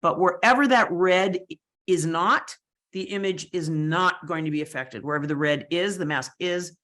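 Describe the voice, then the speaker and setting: A woman's voice: on the low side, normal speed, fairly bright tone. A woman instructor walking through a photo editing tutorial in a chatty, explanatory way, with fillers and asides. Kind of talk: screen-share software tutorial.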